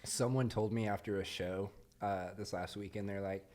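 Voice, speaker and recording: A man's voice: on the low side, steady tone, normal speed, background noise. A young man hosting a podcast, telling stories in a laid-back, casual way and laughing often. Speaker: podcast host. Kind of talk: casual chat. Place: podcast studio.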